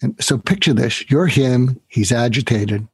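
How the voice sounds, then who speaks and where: A man's voice: medium pitch, unhurried, breathy edge, dry recording. A man in an interview, an author and negotiation trainer, telling stories and acting out the dialogue in them. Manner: animated storyteller who acts out quoted dialogue. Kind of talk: storytelling in a podcast interview.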